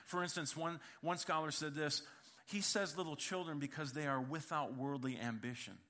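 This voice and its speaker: Bright-voiced male pastor telling stories. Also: a little high, normal speed. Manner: humorous, conversational, addresses congregation directly. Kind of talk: sermon with storytelling. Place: church.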